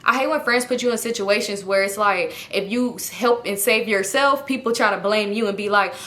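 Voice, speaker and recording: A young woman telling a personal story in a casual, animated way, swearing freely and talking straight to her viewers. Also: mid-range voice, fairly quick. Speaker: storytime vlogger.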